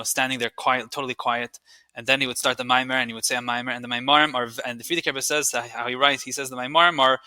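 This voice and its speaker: A man's voice: medium pitch, bright, forceful tone, no room sound. A man telling history as a podcast guest, eager and restarting often, mixing in Yiddish and Hebrew terms. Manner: eager, with frequent restarts and repeated words. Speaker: guest, researcher and writer. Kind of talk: storytelling history in conversation.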